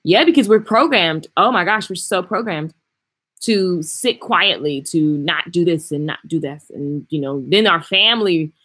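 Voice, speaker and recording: Woman vlogger, lowish pitch, blunt and chatty, answering comments live; loud bursts then quiet asides. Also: a little slow, husky. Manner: frank, chatty, animated with swings in loudness. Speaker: hairstylist and vlogger. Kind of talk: casual livestream chat reading viewer comments. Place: traveling, indoors.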